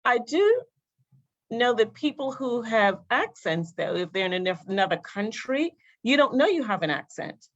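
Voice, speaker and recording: A woman's voice: fairly high pitch, sing-song, a little slow, dull audio. A woman panelist in a casual discussion, musing aloud in a reflective way.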